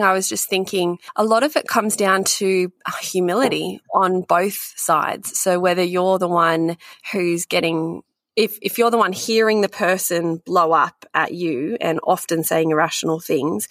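A woman's voice: fairly low pitch, moderate pace, no echo. A married woman, co-hosting a relationship chat and reflecting on her own marriage. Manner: reflective, gives personal examples. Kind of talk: conversational chat.

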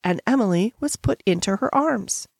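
A woman narrating a classic novel as an audiobook reader, with measured, expressive storytelling. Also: mid-range voice, gravelly, breathy edge, no echo, clean studio sound. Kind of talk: reading a classic novel aloud.

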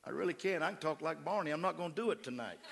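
Brief: middle-aged West Texas preacher, fervent, slightly high, gravelly, church echo. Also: male voice, animated, racing, fairly bright tone. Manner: fervent, emphatic preaching with crowd call-outs. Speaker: pastor. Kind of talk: sermon. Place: church sanctuary. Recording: echoey church hall.

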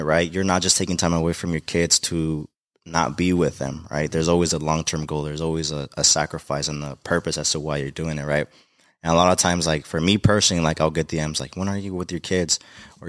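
Super deep voiced guy on a podcast, dry close sound, kinda rambly and heartfelt. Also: a bit bright, no room sound. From Mexico. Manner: heartfelt, rambling with many fillers. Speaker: podcast guest. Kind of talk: emotional casual conversation.

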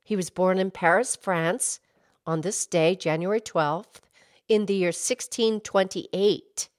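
A lowish, unhurried voice belongs to a wise, patient cartoon cow, played by a woman. She explains things slowly and gently, like a teacher, on a playful kids' podcast. The sound is close and dry, with no room around it. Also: no room sound. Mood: explaining. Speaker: podcast co-host.

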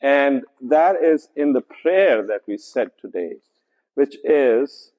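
Narrow, tinny audio with a big-room sound carries an animated, medium-pitched male voice from a church sanctuary. The pastor's sermon is conversational and slow, deliberate in pace, packed with fillers and constant "right?" check-ins.

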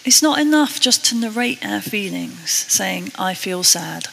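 A British woman preaching a sermon, earnest and a little self-deprecating, slowing down to read scripture. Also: mid-range voice, big pitch swings, vocal fry, bright, forceful tone, big-room sound, slight background noise, rough recording. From Britain.

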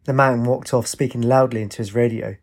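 A man, reading a story aloud as narrator in a steady, even way. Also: medium pitch, fairly quick.

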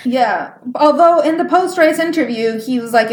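A woman co-hosting a casual chat podcast, her voice slightly high. She retells things in an animated way and giggles often, and the recording has a roomy echo. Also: moderate pace. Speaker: podcast co-host. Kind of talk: casual chat about motor racing.

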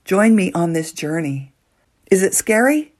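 Earnest low-voiced woman podcaster. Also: unhurried. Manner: earnest, swings between soft hushed lines and excited outbursts. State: nervous, emotional. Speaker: podcast host. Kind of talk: motivational solo podcast monologue.

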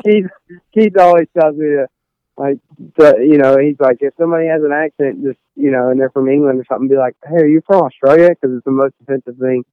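Young man, smooth rambling voice. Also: mid-range voice, fairly even intonation, fast talker, dry recording, lo-fi sound. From Texas. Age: young adult. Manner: rambling, many fillers and restarts. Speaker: guest, college golfer. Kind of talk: casual interview chat.

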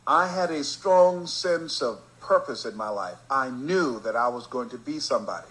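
A man from Miami giving a storytelling motivational speech, emphatic and rhythmic, slowing down to stress key phrases. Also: medium pitch, lively intonation, a bit bright, low-quality recording. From Miami, Florida. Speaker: motivational speaker.

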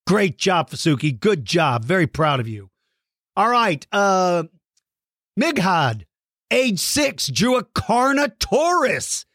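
Lively, playful male kids' podcast host. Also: sits high, slow pace, no room sound, clean studio sound. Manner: warm, playful praise for kids' artwork. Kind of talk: reading listener shout-outs.

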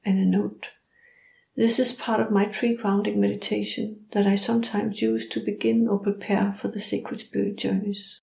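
A woman hosting a podcast, narrating a guided spiritual journey in a calm, meditative manner. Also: medium pitch, normal speed, gravelly. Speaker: podcast host. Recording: roomy echo.

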